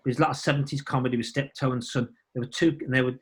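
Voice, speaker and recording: A man's voice: medium pitch, fairly even intonation, rapid-fire. A male actor talking as a podcast guest in casual chat, rambling and enthusiastic, often restarting his sentences. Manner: rambling, enthusiastic, self-interrupting.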